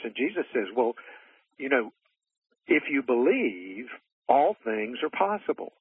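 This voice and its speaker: A man's voice: mid-range voice, sing-song, unhurried, long pauses, slightly rough, no echo. A man earnestly teaching in conversation, retelling stories with little voiced quotes and frequent restarts. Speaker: guest. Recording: muffled phone-line sound.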